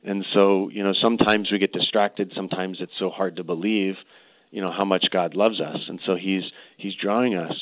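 Very deep-voiced priest on a phone line. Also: male voice, fairly even intonation, normal speed, no echo. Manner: gentle, earnest, fond of "you know" fillers and restarts. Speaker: priest guest. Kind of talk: spiritual teaching on call-in radio.

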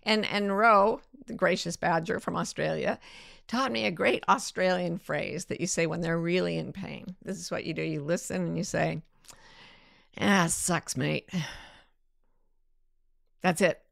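A middle-aged woman talks gently and playfully as she answers listeners, sometimes acting out little inner voices. Her voice sits low with a gravelly fry. The sound is close and dry, with no room around it. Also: fairly even intonation, moderate pace, no echo. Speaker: host. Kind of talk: warm advice talk.

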